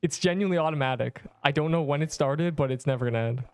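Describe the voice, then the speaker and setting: A man's voice: a little high, fast talker, no room sound. A man in his twenties livestreaming a game, chatting casually and rambling as he reads chat messages aloud.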